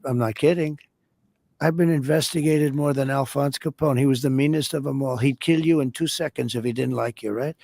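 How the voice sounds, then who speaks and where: A man's voice: fairly high pitch, creaky, a little mellow, no room sound. An older man speaking as a podcast interview guest, blunt and boastful, repeating his points.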